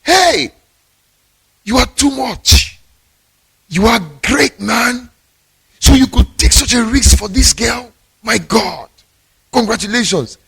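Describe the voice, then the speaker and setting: A male preacher voicing a crowd of excited young male suitors who shout their admiration, higher and louder than his usual voice. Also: slow pace, creaky, pauses often, husky, heavily acted. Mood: admiring.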